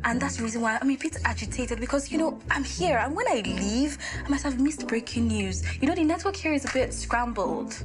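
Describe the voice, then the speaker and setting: A woman's voice: sits high, animated, fairly quick, hardly any pauses, over music. An actress playing a polite, anxious woman blogger applying for a visa, deferential. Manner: deferential, says ma often. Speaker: visa applicant.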